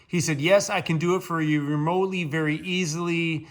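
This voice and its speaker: A chatty, upbeat young man from Canada talks casually to his camera, laughing easily as he goes. His voice sits a little on the high side for a man. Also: steady tone, brisk. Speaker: van life vlogger. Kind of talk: casual vlog talk to camera.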